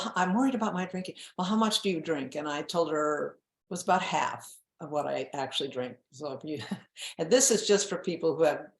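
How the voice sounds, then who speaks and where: A woman's voice: low voice, reverberant. A woman in her seventies from New England, a guest on an interview show, talking in a candid, self-mocking way and laughing often. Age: 70s. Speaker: guest author. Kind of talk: casual interview chat.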